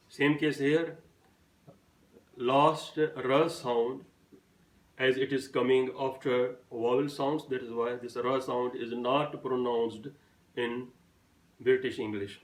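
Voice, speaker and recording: A man's voice: medium pitch, little pitch movement, slow, echoey room, recorded from a distance, low-quality recording. A man giving a phonetics lesson, carefully spelling out example words one at a time. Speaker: teacher.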